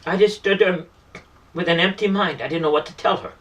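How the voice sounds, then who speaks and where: A man with a high, bright voice tells a heartfelt story, circling back and restarting his phrases as he goes. His earnest, repetitive delivery is picked up from some distance, so he sounds set back from the mic. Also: a little fast. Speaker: street performer and vlogger. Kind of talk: emotional personal storytelling.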